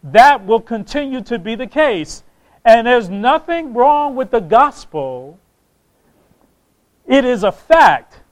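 A man's voice: very high voice, big pitch swings, slow pace, rough recording. A man preaching a sermon, impassioned, reading scripture aloud and repeating phrases for emphasis.

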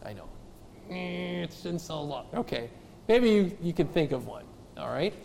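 Emphatic high-voiced male pastor preaching. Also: very animated, a little slow, vocal fry, background noise. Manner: emphatic, rhetorical questions to the congregation; addresses kids and adults directly. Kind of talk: sermon.

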